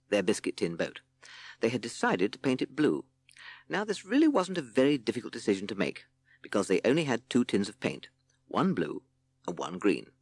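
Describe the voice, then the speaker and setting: A man narrating a children's audiobook in an expressive storytelling manner. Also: fairly low pitch, dry recording.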